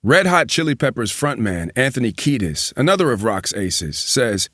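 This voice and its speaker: A man reading a magazine profile aloud as a news reader, at a measured, even pace. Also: medium pitch, dry recording, clean studio sound.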